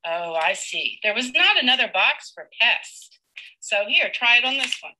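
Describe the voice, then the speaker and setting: A woman teacher leading a live demonstration lesson with a child, patient and encouraging, slowly sounding out words. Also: fairly high pitch, very animated, background noise.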